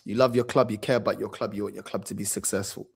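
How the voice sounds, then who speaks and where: A man's voice: on the low side, fairly even intonation, fast talker, vocal fry, husky. A man hosting a football channel, telling a story in a casual, slangy way and repeating phrases for emphasis.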